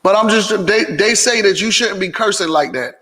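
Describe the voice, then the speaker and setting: Higher-voiced man hosting a casual vlog. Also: moderate pace, bright, forceful tone, in a large hall. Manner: teasing, laughing, then plainly explaining. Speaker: host.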